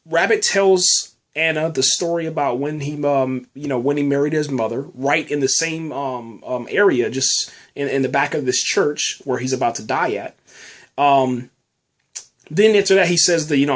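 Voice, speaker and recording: A man's voice: a little high, normal speed. A man hosting a casual review podcast, rambling with lots of fillers and restarts and saying "man" a lot. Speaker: podcast host reviewing a TV episode.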